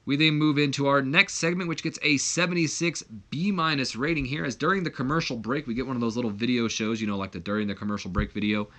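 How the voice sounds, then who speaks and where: Male gaming narrator, casual chatty recap delivery, bright tone. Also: mid-range voice, steady tone, fast talker, few pauses. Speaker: video game commentator. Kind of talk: casual game playthrough narration.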